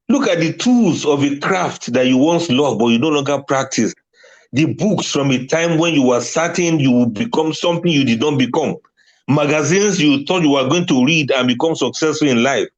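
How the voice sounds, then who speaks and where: A man's voice: fairly high pitch, animated, moderate pace. Man, religious talk, emphatic, laughs at his own points, muffled lo-fi sound. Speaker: Islamic speaker.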